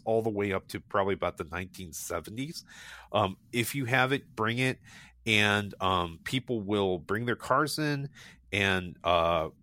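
A man with a somewhat low but bright, forceful voice tells stories in a casual, enthusiastic way. He circles back, restarts sentences and fills gaps with ums. The recording is dry and close, with no room sound. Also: no echo. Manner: enthusiastic, rambling, frequent restarts and fillers. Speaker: guest recommending local car meets. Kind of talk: casual conversational storytelling.

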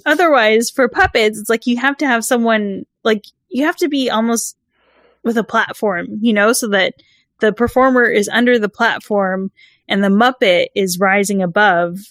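A woman's voice: mid-range voice, normal speed, fairly bright tone, no room sound, studio quality. A woman from California co-hosting a casual chat, enthusiastic and full of "like" and "you know".

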